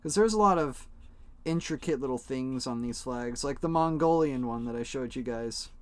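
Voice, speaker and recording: A man's voice: mid-range voice, normal speed. A young man streaming, chatting casually to his viewers while coloring flags, rambling, joking and swearing freely. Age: young adult. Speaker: live streamer.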